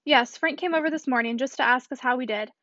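Woman reading a hushed, secretive gentleman. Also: sits high, fast, dry recording, dull audio. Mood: guarded. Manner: hushed and evasive. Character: earnest, secretive middle-aged English gentleman.

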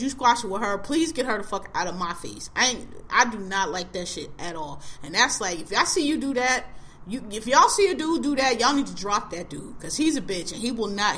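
A woman's voice: a little high, sharp tone. A woman in her forties hosting a podcast, ranting bluntly and with heavy profanity in casual chat. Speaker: podcast host.

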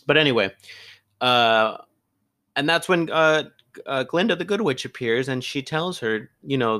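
A young man co-hosts a casual film podcast, recapping plots in a loose, rambling way. He drops the odd curse word and talks in an easygoing tone. His voice sits in an ordinary middle pitch. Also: moderate pace, fairly bright tone. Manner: chatty, swears casually, retells plots loosely. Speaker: podcast co-host. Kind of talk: casual chat.

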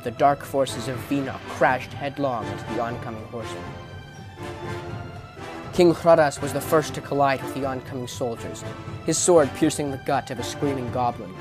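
Man narrating a dramatic fantasy audiobook. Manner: vivid, intense storytelling that rises in battle scenes and drops low for menace.

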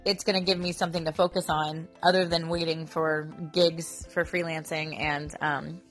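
A woman's voice: deep voice, level tone, moderate pace, faint music behind. A woman in her thirties, a mother, telling a story in a casual, rambling vlog full of fillers. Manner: chatty, rambling, filler-heavy. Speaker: mother and Daisy troop leader.

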